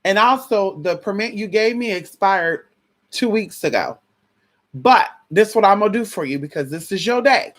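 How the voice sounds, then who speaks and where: A woman quoting a calm, condescending male police officer in a measured, official tone. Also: mid-range voice, close to an everyday voice. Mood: matter-of-fact.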